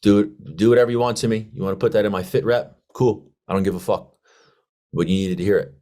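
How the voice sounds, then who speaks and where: A man voicing a blunt, fed-up Marine staff sergeant who is profane and confrontational, in a low voice. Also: fairly even intonation, fast talker, mellow, lightly acted. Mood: defiant.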